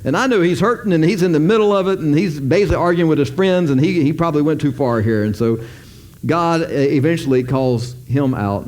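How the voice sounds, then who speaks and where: A man's voice: a little high, a little mellow. A male pastor preaching a sermon in a casual, joking, conversational way.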